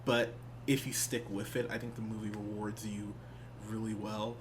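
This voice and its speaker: A man's voice: on the low side, flat delivery, normal speed, background noise. A man co-hosting a podcast, reviewing a film in loose, joking casual chat full of restarts. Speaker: podcast co-host.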